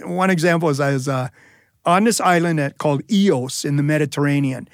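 A storyteller with a slightly high voice tells a funny personal story fairly quickly, acting out the voices of the people in it. It's a live storytelling performance with an animated, humorous delivery, captured in studio quality with no room sound.

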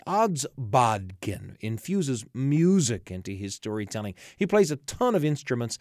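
A male show host reads his introductions with an upbeat, announcer-like lilt and a lively, wide-ranging pitch. The studio sound is close and dry, with no room echo. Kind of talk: scripted host narration.

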